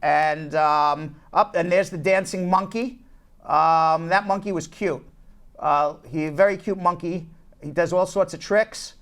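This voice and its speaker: A man's voice: fairly high pitch, steady tone, measured pace, a bit bright, clean tone. A man hosting a casual talk show from a law office, telling stories animatedly and often repeating words as he restarts. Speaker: host, immigration attorney.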